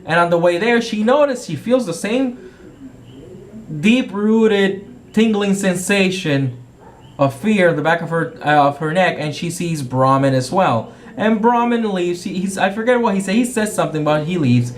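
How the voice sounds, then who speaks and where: A man's voice: high-pitched, animated, moderate pace, slight background noise. Rambling man recounting a game. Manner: rambling, self-correcting. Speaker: game master. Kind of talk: casual retelling of a tabletop game session.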